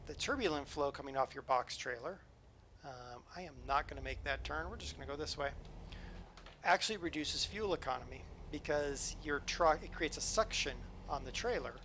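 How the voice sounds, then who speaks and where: A man's voice: a little high, sharp tone, slight background noise. A man casually chatting with his viewers while playing a truck-driving game, joking around and explaining things as he goes. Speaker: streamer. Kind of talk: casual live gameplay chat. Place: home streaming setup.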